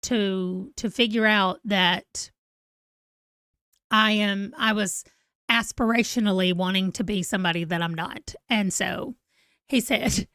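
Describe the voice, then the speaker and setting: A woman's voice: medium pitch, a little slow, a bit bright, clean tone, dry recording, clean studio sound. A woman in her forties, chatting casually and rambling to viewers on a live stream. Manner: rambling, chatty, self-deprecating. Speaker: book vlogger.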